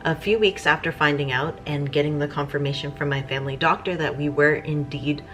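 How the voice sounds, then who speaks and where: Low-voiced woman vlogger chatting casually. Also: fairly even intonation, fairly quick, a bit bright, soft background music. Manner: chatty, rambling with fillers. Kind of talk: casual chat.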